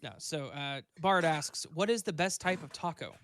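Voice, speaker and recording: Blunt, cursing man with a higher voice. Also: moderate pace, a bit bright, a little hiss or hum. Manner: casual, blunt, swears freely. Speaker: podcast host and story narrator. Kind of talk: casual chat.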